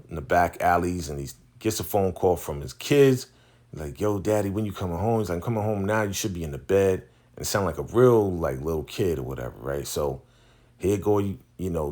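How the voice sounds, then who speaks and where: Male recapper, low register, animated retelling with quick character voices. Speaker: TV recap vlogger. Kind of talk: casual episode recap, retelling scenes.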